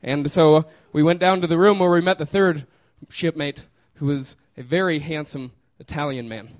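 A man's voice: a little high, normal speed. A man casually telling a personal story, laughing often and trailing off with fillers.

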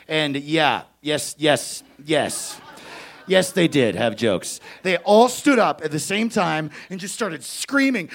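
A young man doing stand-up, telling a story with lots of energy, shouting out other people's lines and laughing as he goes. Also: a little high, unhurried. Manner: animated, shouts kid voices, laughs at own story. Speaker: stand-up comedian.

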